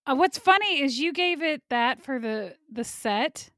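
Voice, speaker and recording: This is a talkative woman reviewing movies with a friend, her opinions quick and candid. Her voice sits on the higher side and sounds close and dry, with no room around it. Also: expressive, a bit bright, no echo. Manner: opinionated, chatty, laughs often. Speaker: podcast co-host. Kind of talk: casual movie review chat.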